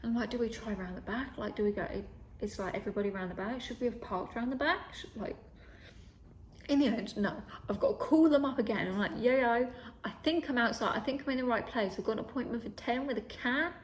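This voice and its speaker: Brisk and on the high side, this young vlogger chats her way through a story, cursing freely, acting out what people said, and often lowering her voice to a whisper.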